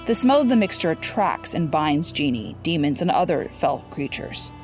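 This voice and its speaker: A woman voicing a respectful, cautious male sorcerer, speaking in a measured, deferential way. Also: deep voice, very animated, a little mellow, soft background music.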